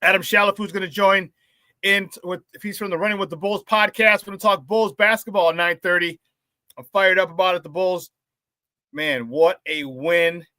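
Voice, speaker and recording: Hyped-up sports radio host, bright voice. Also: male voice, high-pitched, normal speed, dry recording, studio quality. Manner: energetic, slangy hype. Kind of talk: casual morning sports talk.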